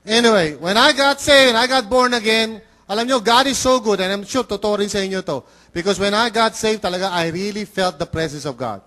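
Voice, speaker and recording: A man's voice: high voice, a little fast, few pauses, pushed and bright. A middle-aged man with a Filipino accent, preaching a conversational sermon as pastor and acting out the voices he quotes. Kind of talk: bilingual sermon.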